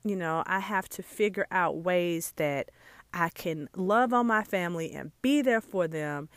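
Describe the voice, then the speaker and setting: This is a woman hosting a casual solo podcast, a jewelry maker who speaks earnestly and from the heart, talking straight to her listeners with plenty of asides. Her voice is lowish and unhurried, and the recording is dry with clean studio sound.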